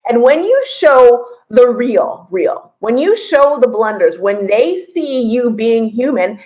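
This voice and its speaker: Woman in her 40s hosting a podcast, kinda high voice, talks fast and friendly, laughs a lot and repeats stuff. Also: low-quality recording. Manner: lively and chatty, laughs often, repeats herself for emphasis. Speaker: podcast host and business coach. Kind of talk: casual podcast talk.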